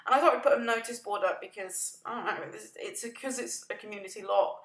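A woman's voice: mid-range voice, fast, few pauses, a bit bright. A woman chatting through a casual voice-over, rambling and self-deprecating, laughing and yawning often. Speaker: gaming video creator narrating a build. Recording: echoey room.

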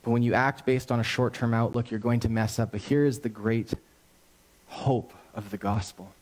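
A male pastor preaching a sermon, telling a story in an animated, conversational and earnest way. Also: mid-range voice, fairly quick.

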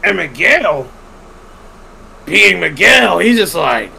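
A man's voice: sits high, takes it slowly, creaky, pauses often, breathy edge, poor audio. A man hosting a podcast, telling a long story casually with lots of swearing and acting out what other people said. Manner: animated, profane, acts out quoted people.

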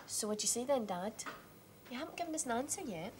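A young woman playing a bright Glasgow schoolgirl. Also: on the high side, fast talker, a little hiss or hum, natural voice. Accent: Scottish. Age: young adult. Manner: lively, joking, self-mocking. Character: cheerful determined Glasgow teenage girl. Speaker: teenage girl in a family drama. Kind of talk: 1980s television drama acting.

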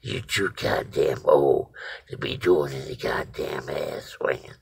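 A man's voice: very deep voice, unhurried, vocal fry, slightly rough, full character voice. A man voicing a rude young man who heckles him on the street, blunt and profane. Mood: mocking.

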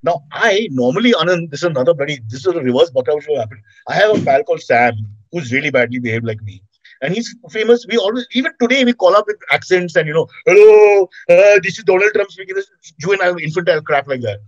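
A middle-aged man with an Indian English accent telling animated comic stories in an interview. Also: a little high, fast talker, dry recording, dull audio. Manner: animated storyteller, acts out quotes. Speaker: comedian and TV host, guest. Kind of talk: anecdotal interview chat.

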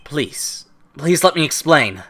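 A man's voice: fairly high pitch, very animated, slow pace, sharp tone, slight background noise, heavily acted. A man reading as a nervous young defense lawyer. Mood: determined. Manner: anxious, determined.

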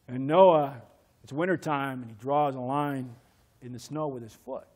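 A man's voice: unhurried, a little mellow. A man pastor preaching a sermon, telling a childhood story and acting out the voices in it, then leading a prayer. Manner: storytelling, acts out voices with pitch swings. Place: church.

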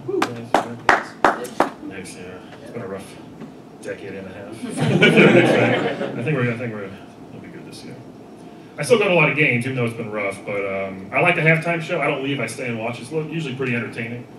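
A man doing a stand-up set in front of a live audience, acting out people in loud put-on voices. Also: mid-range voice, normal speed. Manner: animated, acts out people in shouted voices. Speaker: stand-up comedian. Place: live comedy venue with audience laughter. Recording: echoey room recorded from far off with background noise.

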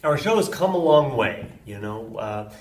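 A man co-hosting a comedy interview sketch, talking in a halting, awkward, stammering way. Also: mid-range voice, sing-song. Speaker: comedy show co-host. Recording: roomy, distant mic with faint noise.

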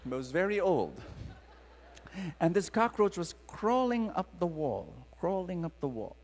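A Filipino-accented man preaches before a live audience in a large, echoing hall, telling dramatic stories and urging the crowd to respond. His voice sits high and moves at a measured pace.

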